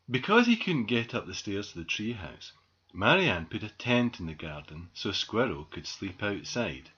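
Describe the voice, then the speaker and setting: A man reading a children's story aloud with very expressive storytelling. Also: on the low side, moderate pace, breathy edge. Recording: dull lo-fi recording.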